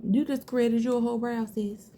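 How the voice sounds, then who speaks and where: A woman's voice: on the high side, steady tone, normal speed, warm tone, a little hiss or hum. A woman talking viewers through her eyebrow routine in a casual, chatty way, calling them girl and sis. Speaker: beauty vlogger. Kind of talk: casual makeup tutorial.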